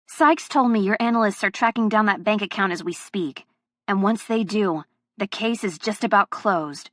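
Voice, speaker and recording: A woman's voice: mid-range voice, moderate pace, a bit bright, no echo, studio quality. A woman narrating a first-person audiobook, with a heated, emotionally charged delivery.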